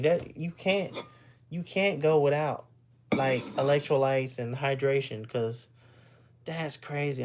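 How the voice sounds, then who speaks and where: A man's voice: mid-range voice, darkish tone. A man from Texas, chatting casually with viewers on a live stream, rambling and repeating words as he talks. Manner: loose and rambling, repeats words, laughs often.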